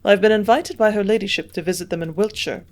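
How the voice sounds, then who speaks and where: A woman's voice: mid-range voice, quick pace, a little mellow, close to an everyday voice. A woman voicing a curious young male doctor who keeps pressing with questions, in her own everyday voice.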